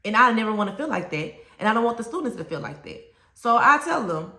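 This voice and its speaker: A woman's voice: medium pitch, animated, fast, pushed and bright, roomy sound. A woman with a Southern US accent giving an emphatic, plain-spoken talk to fellow teachers. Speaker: teacher trainer.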